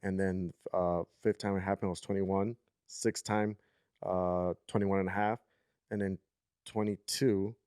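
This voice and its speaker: A man in his thirties tells a long story on a podcast, rambling and checking in with his listener. His voice sits on the low side. The recording is dry and close. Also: flat delivery, unhurried, darkish tone, clear, resonant tone, no echo. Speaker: podcast co-host. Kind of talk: casual storytelling chat.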